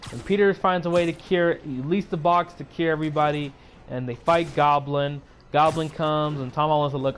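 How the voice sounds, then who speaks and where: Sleepy rambling man, slightly high voice. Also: a little hiss or hum. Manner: rambling, filler-heavy retelling. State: sleepy and yawning; sore throat. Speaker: YouTuber. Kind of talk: casual movie recap.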